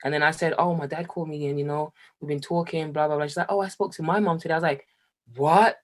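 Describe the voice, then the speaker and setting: A young man from Jamaica speaks as an interview guest, sharing a candid personal story. He talks in a lively, animated way, laughing often, and his voice climbs higher and louder as he gets excited. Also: fast talker. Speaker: guest, musician.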